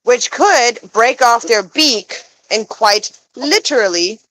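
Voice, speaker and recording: Slow-talking woman chatting from her farm. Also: fairly high pitch, lively intonation, fairly bright tone, a little hiss or hum, poor audio. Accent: Texan. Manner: slow, rambling explanations with fillers. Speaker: pet goose keeper livestreaming. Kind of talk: casual live stream chat. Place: outdoors on a farm.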